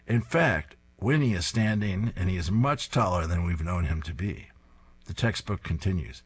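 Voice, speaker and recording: Husky man reading comic strips aloud. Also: sits low, lively intonation, normal speed. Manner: descriptive, amused.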